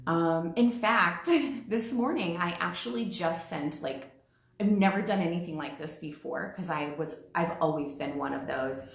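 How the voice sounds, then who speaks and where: A woman giving a reflective spiritual talk, speaking softly and from the heart, with a tender, emotional edge. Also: lowish voice, gravelly, echoey room. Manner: slow, soft and heartfelt, growing emotional.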